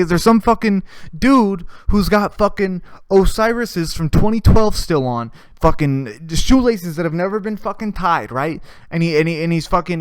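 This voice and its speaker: A man's voice: fairly high pitch, clean tone, no echo. A young man hosting a podcast, ranting in a crude, profane and sarcastic way with mocking asides. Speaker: podcast host. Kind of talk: crude comedic rant.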